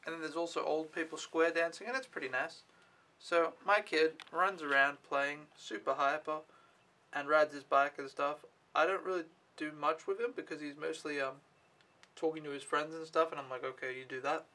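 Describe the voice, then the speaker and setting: A man's voice: a little high, steady tone, moderate pace, bright, forceful tone. A young man telling his day in a casual vlog, rambling and offhand, swearing freely. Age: young adult. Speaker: au pair vlogger.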